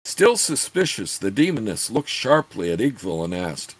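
A man narrating a fantasy audiobook in an expressive, lively read-aloud way. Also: on the low side, normal speed, hardly any pauses, breathy edge, no room sound.

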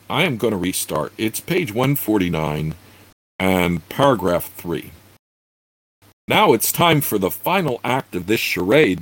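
Husky low-voiced male book reader. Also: low-quality recording. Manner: unhurried, with fillers in asides. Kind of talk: reading a fantasy novel aloud.

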